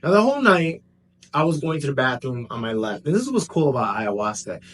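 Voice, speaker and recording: Guy casually telling a wild story on his channel, mid pitch, gets loud then drops to quiet asides. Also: fast. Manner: animated, swings between excited bursts and hushed asides. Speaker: vlogger.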